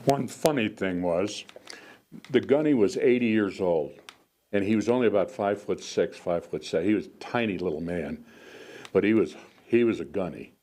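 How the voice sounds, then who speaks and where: A man's voice: on the low side, moderate pace, mellow. An older man in his seventies from the United States, a veteran guest speaker telling stories to an audience in a rambling way, often restarting his sentences. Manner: rambling, frequent restarts and fillers. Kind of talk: storytelling talk to an audience. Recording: faint background noise.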